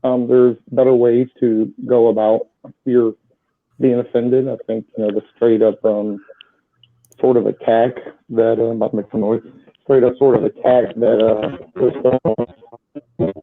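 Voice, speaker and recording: A man in casual chat, speaking in a measured way and often restarting his phrases. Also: medium pitch, flat delivery. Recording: tinny voice-chat line.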